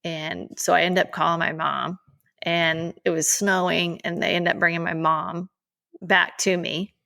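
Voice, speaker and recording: A woman in her forties, a podcast co-host, telling a personal story in an emphatic, animated way. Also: on the low side, a little slow, creaky.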